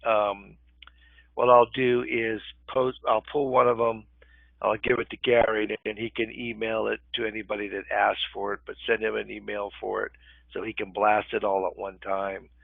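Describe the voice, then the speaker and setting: An older man with a gravelly voice leads a live webinar in a relaxed, conversational way, pausing often to check in with his listeners. The audio is thin and phone-like. There is no room echo at all. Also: on the low side. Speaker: real estate webinar instructor. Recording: tinny phone-line webinar audio, dry.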